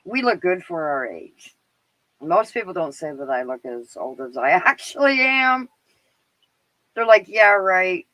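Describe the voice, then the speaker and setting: A woman's voice: fairly low pitch, big pitch swings, unhurried, pauses often, a bit bright, dry recording, rough recording. A middle-aged Canadian woman with a Canadian accent hosting a live stream, chatting casually and rambling with lots of fillers and laughs. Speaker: livestream show host.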